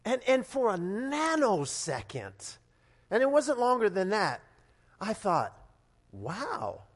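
A middle-aged pastor from Nevada delivers a lively sermon in a notably high voice. He restarts his sentences and swings into sudden loud bursts as he tells a story. The sound carries a long reverb, as in a church sanctuary. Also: takes it slowly. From Nevada, United States.

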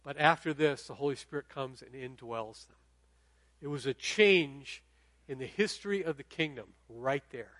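A man's voice: medium pitch, normal speed, fairly bright tone, no echo. A middle-aged man preaching a sermon in a conversational way, often checking in with the audience. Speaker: pastor.

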